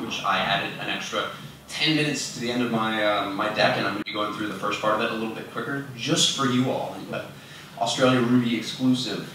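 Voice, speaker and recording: The young conference speaker sounds bright and forceful at medium pitch while he delivers a chatty, self-deprecating talk heavy with fillers. He strays from the fixed mic in the large room, leaving the audio roomy and far-off, sometimes off-mic, with a little hiss or hum.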